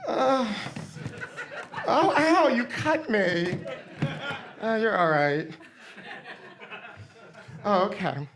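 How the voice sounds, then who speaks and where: A woman's voice: mid-range voice, expressive, extremely slow, long pauses, a crowd in the background. A woman playing a brash, vain diva pop star on stage, campy and rambling, calling everyone honey. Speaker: comedy guest in character. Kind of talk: live comedy stand-up in character. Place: theater stage with live audience.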